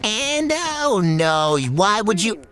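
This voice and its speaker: A woman hosting a reaction video, talking along to animations in excited, exclaiming commentary. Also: mid-range voice, slow, soft background music. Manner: excitable, exclaims and laughs often.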